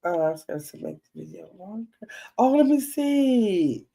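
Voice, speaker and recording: Older woman in AAVE, livestream host, reads chat comments, gets excited, loose and chatty. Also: medium pitch, moderate pace, vocal fry. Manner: chatty, animated, Southern US dialect grammar.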